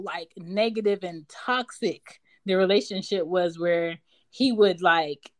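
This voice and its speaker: A woman's voice: medium pitch, no echo. A woman in her thirties from Philadelphia, talking candidly and bluntly about family in a casual chat, swearing now and then. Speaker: mother of daughters.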